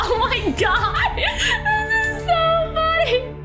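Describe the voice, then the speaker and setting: A woman's voice: very high voice, very animated, extremely slow, music in the background. A young woman streaming a game live, gushing and giggly, full of "like" and "oh my god". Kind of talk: live game playthrough with excited commentary.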